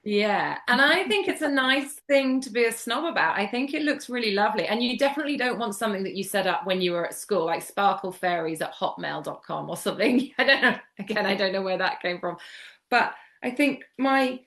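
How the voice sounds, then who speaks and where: Guest spot: a chatty UK woman, mid-pitched, repeating words for emphasis. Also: brisk, a bit bright. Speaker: guest homeopath. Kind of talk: casual podcast interview.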